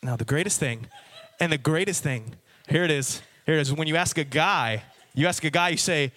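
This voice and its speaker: A young man preaching a personal testimony to a youth audience, with lively storytelling and frequent direct asides. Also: a little high, brisk. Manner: animated storytelling, addresses the audience. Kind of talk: sermon testimony.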